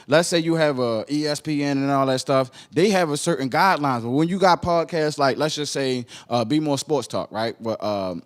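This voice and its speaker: Animated Baltimore man hosting a podcast. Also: a little high, moderate pace, hardly any pauses. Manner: animated, repeats himself, rhetorical "right?". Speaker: podcast host. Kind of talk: casual commentary on a video.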